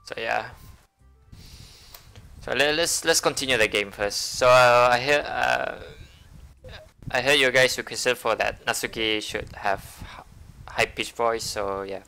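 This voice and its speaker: Bright, clear-voiced male game streamer. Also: medium pitch, unhurried, pauses often, faint music behind. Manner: chatty, stumbling, self-amused. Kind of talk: casual live-stream chat and game narration.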